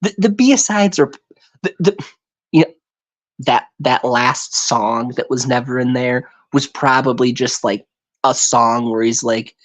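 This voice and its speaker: A man's voice: mid-range voice, a little slow. A man in casual chat on a live stream, rambling and tripping over his words. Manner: rambling, stumbles over words, slips into put-on voices. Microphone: home microphone on a live stream.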